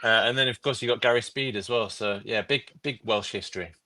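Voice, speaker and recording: Bright-voiced jokey man from Yorkshire. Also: mid-range voice, fast. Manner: jokey, wry, many fillers. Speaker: guest football writer. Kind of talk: casual podcast chat.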